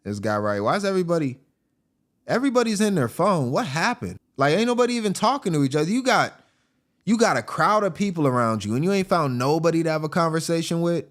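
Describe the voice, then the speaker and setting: A man hosting a show, giving casual, joking commentary over video clips in an animated way and often laughing. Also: fairly high pitch, fast. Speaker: host.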